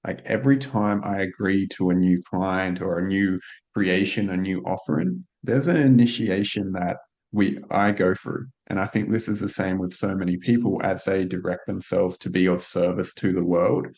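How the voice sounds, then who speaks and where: A man hosting a podcast, talking in a calm, reflective way and thinking aloud with many "like"s. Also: sits low, moderate pace. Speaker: podcast host. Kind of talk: casual conversational interview. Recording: dull lo-fi sound.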